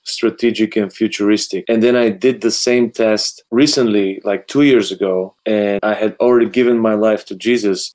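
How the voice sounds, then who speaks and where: Low-voiced reflective male host. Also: darkish tone. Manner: reflective, shares own stories, asks questions. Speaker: podcast host. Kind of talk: casual interview talk.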